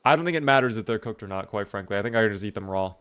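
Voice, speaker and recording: A man's voice: fairly low pitch, lively intonation, racing, fairly bright tone, clean tone. A tired young man streaming a survival game, chatting casually and thanking viewers by name. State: tired, yawning. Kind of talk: casual live-stream commentary.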